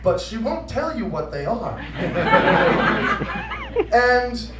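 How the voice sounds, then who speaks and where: A man doing an animated stand-up comedy rant with exaggerated outbursts at an event. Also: extremely high pitch, slow. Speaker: comedic performer. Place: convention event room. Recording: echoey room from far off, noisy.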